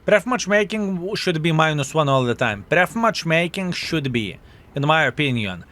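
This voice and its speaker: Man, game streamer, live commentary, swears often, reads chat, high-ish pitch, bright forceful tone. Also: normal speed. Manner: swearing, excitable, greets chat viewers.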